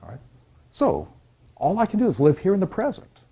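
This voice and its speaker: Husky-voiced man coaching students. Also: high voice, wildly swooping pitch, brisk, dark tone. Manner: earnest, repeats key points, checks in with "okay?". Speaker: college counselor. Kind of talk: classroom talk to students.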